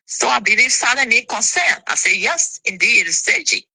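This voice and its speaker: A woman, an interview guest telling her side of a dispute in an indignant, animated way. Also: on the high side, a little fast, slightly rough, dry recording, rough recording.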